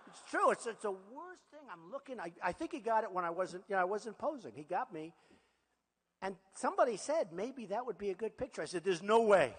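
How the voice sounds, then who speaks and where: Rally-speech candidate, man in his sixties, high-pitched for a man, boastful and repetitive, hall reverb. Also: husky. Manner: boastful, repetitive, conversational asides to the crowd. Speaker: political candidate.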